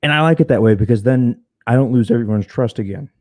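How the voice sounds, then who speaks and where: Guy on a podcast telling his story, blunt and sweary, mellow tone, dry close mic. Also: mid-range voice, fast talker, dry recording. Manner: frank, profane, repeats words when starting. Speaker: podcast guest. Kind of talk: casual storytelling.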